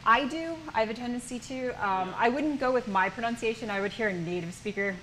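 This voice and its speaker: A woman's voice: on the high side, brisk, fairly bright tone, slight background noise, rough recording. A woman with an American accent teaching a small language workshop, patiently explaining sounds step by step. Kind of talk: teaching a class. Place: indoor workshop room.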